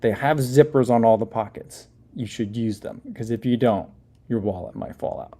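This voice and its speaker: A man's voice: medium pitch, normal speed, dark tone. Chatty man rambling on a livestream. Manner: rambling, chatty, many fillers and restarts, laughs often. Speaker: livestream host reading chat. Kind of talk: casual livestream chat.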